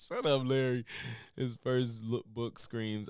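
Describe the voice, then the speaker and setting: A man's voice: medium pitch, extremely slow, long pauses, smooth, no echo, studio quality. A man giving exasperated, slangy commentary while reacting to news on a stream. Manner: animated, exasperated ranting with slang.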